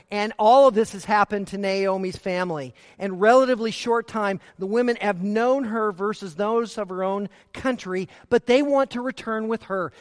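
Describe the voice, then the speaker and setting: A man preaching a sermon, earnest and emphatic, dropping to quiet low asides. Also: big-room sound.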